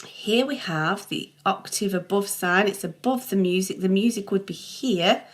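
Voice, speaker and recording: A middle-aged woman walks through exercise answers as a music theory teacher, patient and encouraging. She talks like a steady online tutor, reassuring the learner and correcting herself along the way. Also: medium pitch, a little slow.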